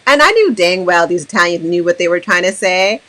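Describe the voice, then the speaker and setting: A young American woman hosting a casual chat, animated and fond of mimicking the people she talks about. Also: fairly low pitch, brisk. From United States. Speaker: host.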